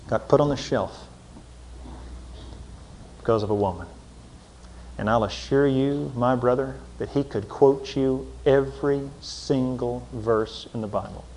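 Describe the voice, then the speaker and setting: A man preaching a folksy sermon, swinging from loud emphatic lines to low intense asides. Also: a little hiss or hum. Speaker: pastor. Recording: long hall reverb.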